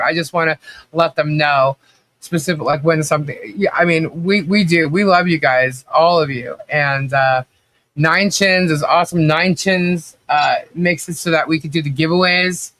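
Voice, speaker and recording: A man's voice: on the high side, bright, forceful tone. A man hosting a casual livestream, telling rambling stories with lots of fillers and laughter. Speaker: livestream host. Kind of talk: casual chat.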